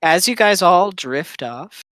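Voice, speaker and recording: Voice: medium pitch, expressive, a bit bright, dry recording, rough recording. Suspenseful tabletop game master, dry sound. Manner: slow, suspenseful scene-setting with pauses.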